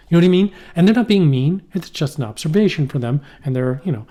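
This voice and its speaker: A man co-hosting a podcast, rambling and animated in casual chat. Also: a little high, fast talker, few pauses. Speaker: podcast co-host.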